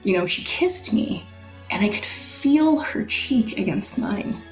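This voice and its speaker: A woman from the Netherlands, a podcast guest, telling a personal story in an animated way and acting out the dialogue. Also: medium pitch, slow. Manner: animated, acts out dialogue in quotes. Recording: roomy echo, faint music.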